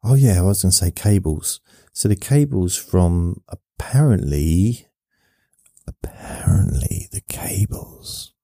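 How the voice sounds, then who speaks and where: A man hosting a podcast, softly spoken, rambling along in a meandering monologue meant to lull listeners to sleep. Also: deep voice, animated, measured pace, no echo. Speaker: podcast host.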